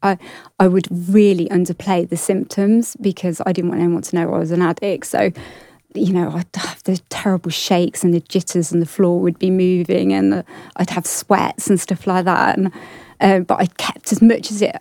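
Gravelly earnest woman sharing her story. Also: lowish voice, level tone, mellow, no room sound, clean studio sound. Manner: earnest, halting, with many restarts. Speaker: guest sharing testimony. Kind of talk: emotional personal testimony.

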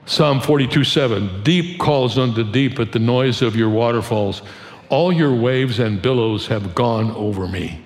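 An older man preaching a sermon in a measured, earnest way, slowing down for emphasis. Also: mid-range voice, darkish tone. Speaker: pastor. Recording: echoey room with long reverb.

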